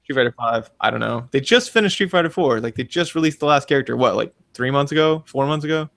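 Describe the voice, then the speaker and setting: A man in his thirties co-hosts a casual gaming podcast. He talks in an animated way and acts out the lines in his stories. The sound is dry and close, with no room echo. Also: medium pitch, quick pace, vocal fry. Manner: animated storyteller, acts out quotes in big voices. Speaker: podcast co-host. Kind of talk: casual chat.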